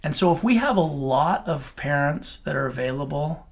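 A middle-aged man talks earnestly in an interview, often restarting his sentences. His voice is gravelly and sits a little high. He sounds heartfelt about the work he describes. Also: expressive, moderate pace. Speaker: child welfare official. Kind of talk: radio interview answers.

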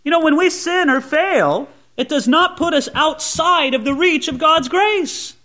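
A pastor delivers a sermon in a high, bright-sounding male voice. His pitch rises and falls a great deal. He moves between soft, low asides and raised, emphatic lines. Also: expressive, measured pace.

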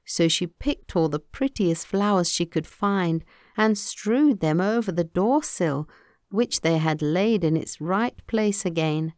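Slow expressive woman storyteller. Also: lowish voice, dry recording, studio quality. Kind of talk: folktale reading.

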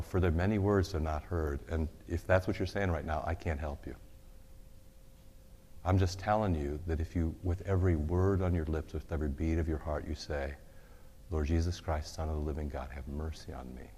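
A very deep-voiced man preaches a sermon, earnest and exhorting, with quick asides. He repeats a prayer slowly, his voice dropping away at the ends of lines. His voice rings with the long reverb of a large church hall. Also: warm tone.

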